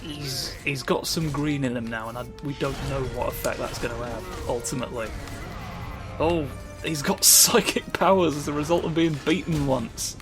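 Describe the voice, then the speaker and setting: A man's voice: medium pitch, moderate pace, over music. A man giving sardonic gameplay commentary, grumbling and swearing at the game. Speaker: let's play commentator.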